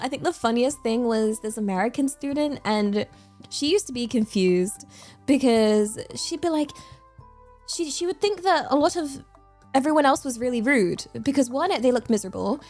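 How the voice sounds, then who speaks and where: A woman's voice: high voice, a little mellow. A young English woman streaming, chatting casually with viewers in a bubbly, chatty way and laughing often. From England. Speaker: VTuber streamer.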